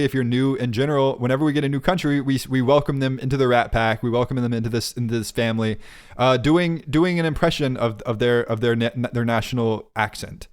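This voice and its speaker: A man in his twenties co-hosting a podcast, chatting casually and riffing on jokes with frequent laughs. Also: medium pitch. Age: 20s. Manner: joking, rambling bits with frequent laughs. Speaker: podcast co-host. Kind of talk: casual chat.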